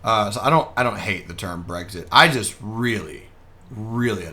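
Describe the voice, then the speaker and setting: Bright-voiced man joking through live trading. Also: on the low side, moderate pace. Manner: joking, chatty, reads viewer comments aloud. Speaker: day trader streaming live. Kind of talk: casual live market commentary.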